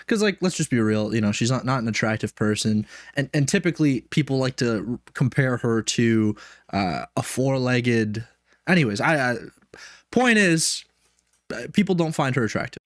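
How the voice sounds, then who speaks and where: A man talks through a reaction video in casual, rambling commentary, swearing freely and drifting into self-mocking asides. His voice sits in an ordinary middle pitch, and the recording is dry and close, with no room echo. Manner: rambling, profane, laughing asides. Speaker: commentary streamer.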